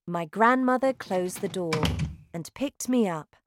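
Slow, expressive woman storyteller. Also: mid-range voice, no echo. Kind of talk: storybook reading.

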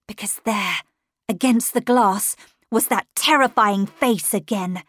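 A woman narrating a classic ghost story as an audiobook in the first person, with measured, expressive delivery on a close studio mic. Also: mid-range voice, no room sound. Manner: measured and expressive, dramatic at tense moments.

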